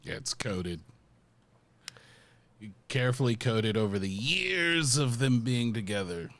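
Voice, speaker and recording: A man's voice: mid-range voice, animated, slow, fairly bright tone, no room sound. A man co-hosting a casual movie discussion, talking as an enthusiastic fan who retells scenes with energy. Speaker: podcast co-host.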